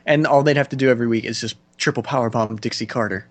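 A man's voice: mid-range voice, fast talker. A man co-hosting a casual podcast, teasing his co-hosts with wry banter. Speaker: podcast co-host.

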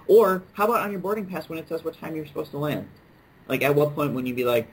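A man's voice: a little high, fairly even intonation, fast talker, husky, low-quality recording. Sarcastic man in casual banter. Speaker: podcast co-host. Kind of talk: casual chat.

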